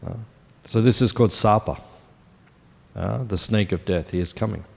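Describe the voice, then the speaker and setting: In a lowish voice with vocal fry and a moderate pace, a man in his fifties teaches a morning temple scripture class. He keeps the talk informal and conversational, asking listeners question after question, captured with long hall reverb.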